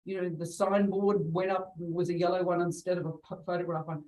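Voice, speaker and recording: A woman's voice: lowish voice, level tone, brisk, dark tone. A middle-aged woman telling stories as an interview guest, chatty and laughing often, voicing the people she quotes. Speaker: real estate agent guest. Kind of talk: conversational interview. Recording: distant from the mic.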